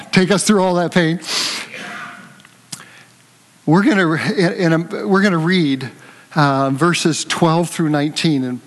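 An older man preaching a conversational sermon, telling a lively story and joking with his congregation. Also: on the high side, long reverb tail. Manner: animated storytelling, jokes with the congregation.

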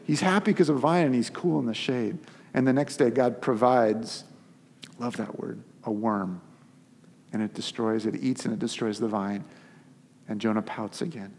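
A man preaching a sermon as a pastor, telling the story in an animated, conversational way. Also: on the low side, moderate pace. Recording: long hall reverb.

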